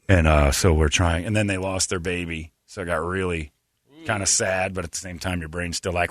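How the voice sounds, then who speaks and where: Male podcast host, bright animated delivery, dry close sound, slips into mocking voices. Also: sits low, a little fast, no room sound. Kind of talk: casual chat.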